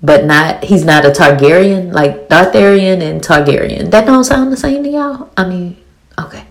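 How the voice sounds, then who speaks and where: A woman in her forties with a thick Louisiana accent, giving a blunt, animated, swearing recap of a TV episode full of rhetorical questions. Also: lowish voice, moderate pace. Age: 40s. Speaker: TV show reviewer. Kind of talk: casual episode recap and commentary.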